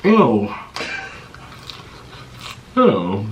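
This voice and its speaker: A man's voice: medium pitch, expressive, dull audio, a little hiss or hum. Man struggling through spicy food, echoey room. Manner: strained, halting talk while suffering from spicy food. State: mouth numb and stinging from spice. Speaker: mukbang host. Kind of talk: casual eating vlog talk to camera.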